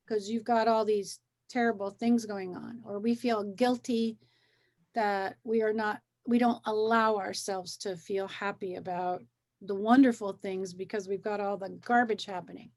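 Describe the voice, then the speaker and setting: A woman hosting a wellness conversation, coaching gently and encouragingly, often repeating phrases to make her point. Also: mid-range voice, fairly even intonation, a little slow. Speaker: wellness talk host.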